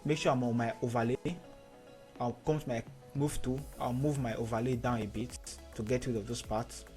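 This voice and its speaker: A man teaching photo editing in a screen-recorded tutorial, giving steady step-by-step instructions and repeating key points. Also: medium pitch, normal speed, faint music behind.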